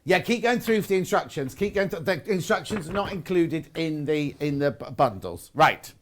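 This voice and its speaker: A man hosts a live shopping broadcast, talking through products in an upbeat, chatty way and joking as he goes. His voice sits a little high for a man. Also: expressive, moderate pace. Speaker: shopping channel presenter. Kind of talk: live sales presentation.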